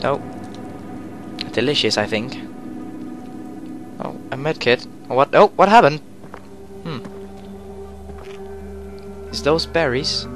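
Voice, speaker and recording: A man doing let's play commentary who gets excitable, exclaims and yells at the game. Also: mid-range voice, slow pace, long pauses. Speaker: gamer. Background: game music and car sounds.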